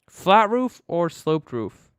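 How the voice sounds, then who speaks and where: A man's voice: sits high, sing-song, slow pace, clean tone, dry recording, clean studio sound. A man live-streaming a building game, chatting casually and thinking aloud to himself as he works.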